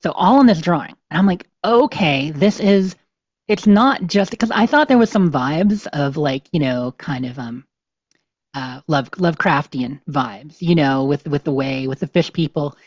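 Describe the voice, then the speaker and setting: A woman podcast host with a low, expressive, slightly slow and mellow voice with a breathy edge rambles casually, leaning on "you know" and other fillers. She sometimes reads game notes aloud, and the dry recording sounds lo-fi and a bit dull.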